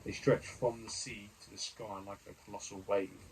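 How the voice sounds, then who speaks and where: A man's voice: fairly low pitch, little pitch movement, normal speed, darkish tone, slight background noise, rough recording. A man reading a gamebook aloud as he plays, reading the narration and stopping to comment on dice rolls and choices. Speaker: gamebook player and reader.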